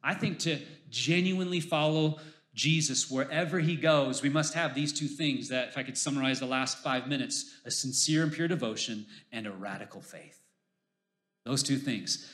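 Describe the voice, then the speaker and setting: A man's voice: mid-range voice, moderate pace, a bit bright, echoey room. A male pastor preaching a sermon to his congregation, emphatic and exhorting, his voice rising as he urges listeners on.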